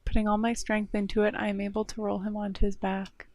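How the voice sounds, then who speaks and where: A woman's voice: medium pitch, monotone, quick pace, a little mellow. Woman streamer reading a visual novel. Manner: reads narration with short laughing asides. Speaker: game streamer.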